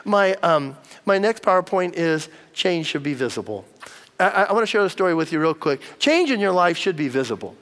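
A middle-aged male pastor with a high voice tells a chatty sermon story, stumbling over repeated words. His voice rings out with a long reverb through a big hall. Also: sing-song, a little fast, a bit bright. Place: church hall.

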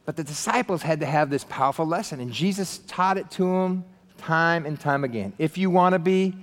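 A man preaching with a fairly high voice, bouncing into quick put-on voices for the people in his story. His words carry a long reverb from a large hall around him. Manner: animated, acts out quoted voices, casual slang. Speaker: pastor. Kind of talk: sermon.

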